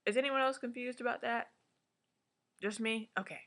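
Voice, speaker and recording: A woman with a voice deep for a woman, recapping a TV episode in a blunt, profane, chatty vlog style. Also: steady tone, normal speed, fairly bright tone. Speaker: vlogger.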